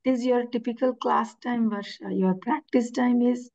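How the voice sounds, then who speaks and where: A woman speaking over a video call after losing her voice, her tone higher and mellow, now and then dropping to a whisper. The call audio is dull and lo-fi. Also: normal speed, no echo. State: lost her voice. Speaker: class participant.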